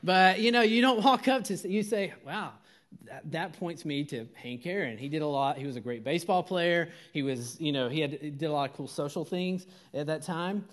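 Man, casual sermon, slightly higher voice, loose and conversational. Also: a little fast, few pauses. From Georgia, US. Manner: conversational, many fillers and restarts.

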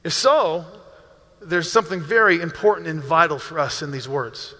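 A male pastor delivers a sermon in an earnest, pastoral way, often doubling a word as he begins a thought. His voice sits high and sounds bright and forceful, ringing with the long reverb of a church sanctuary. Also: expressive, normal speed. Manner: earnest, pastoral, repeats words when starting phrases.

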